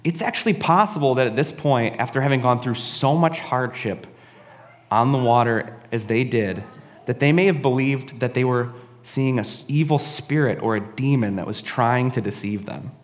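A man's voice: mid-range voice, normal speed, long reverb tail. A man giving a casual, conversational sermon, often adding "right?" and "honestly". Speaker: preacher.

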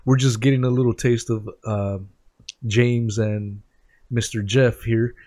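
A man's voice: medium pitch, fairly even intonation, unhurried, warm tone, no room sound, clean studio sound. A man hosting a talk show, easygoing, with brief replies while a guest speaks. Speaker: host.

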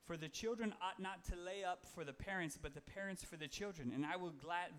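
Man, preacher, casual sermon, slightly high voice, loose conversational delivery. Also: a little fast, few pauses, fairly bright tone. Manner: loose and conversational, with fillers and self-corrections.

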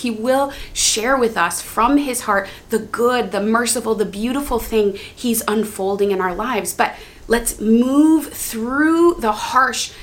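A woman teaching on prayer in an earnest, gentle way, speaking heartfelt prayers aloud as examples. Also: fairly high pitch.

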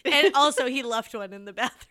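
Bright-voiced woman telling a story. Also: high-pitched, a little fast. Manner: animated storyteller, acts out quoted voices, frequent "like". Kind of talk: casual podcast chat.

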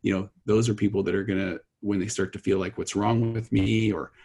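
A man with a low, husky voice speaks as a podcast guest. He tells a story earnestly and rambles, often restarting his sentences. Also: steady tone, fairly quick, dark tone. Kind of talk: casual conversation.

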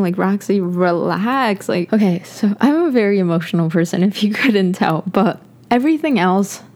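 A woman's voice: mid-range voice, lively intonation, normal speed, darkish tone. A young woman hosting a podcast, talking through her personal views in a rambling, earnest way, full of fillers and restarts and close to tears at times. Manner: earnest, rambling, heavy on "like", gets emotional. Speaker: podcast host. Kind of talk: personal reflective monologue.

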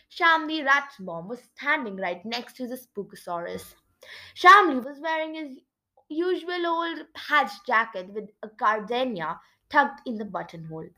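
A woman's voice: on the high side, pushed and bright, low-quality recording. A woman reading a children's chapter book aloud with dramatic expression. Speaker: storybook reader. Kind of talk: expressive children's story narration.

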